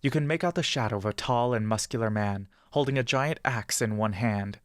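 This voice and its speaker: A man tells a fantasy adventure in the second person, steady and measured. His voice is mid-pitched and plain. It is recorded close on the mic in a dry space. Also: dry recording. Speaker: narrator.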